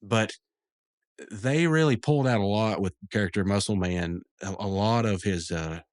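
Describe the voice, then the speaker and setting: A man hosting a podcast, casually recapping a cartoon episode in a rambling way, laughing often and quickly quoting lines in other voices. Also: fairly low pitch, no room sound, studio quality.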